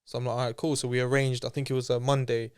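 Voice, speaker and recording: A man's voice: medium pitch, flat delivery, rapid-fire, a little mellow, clear, resonant tone. A man telling his story as an interview guest in a casual, chatty way, full of slang and acting out the voices of people he quotes.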